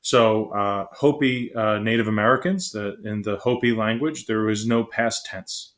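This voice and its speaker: A man giving a casual classroom lecture, quick and conversational, often checking in with "right?" and filling pauses with "um". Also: lowish voice, fairly even intonation, fairly bright tone. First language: English.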